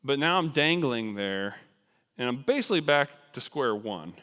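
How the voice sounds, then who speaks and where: Bright animated man in church reverb. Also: medium pitch, normal speed. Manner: animated, self-deprecating storytelling with frequent fillers. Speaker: missionary speaker. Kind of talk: storytelling sermon. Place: large church sanctuary.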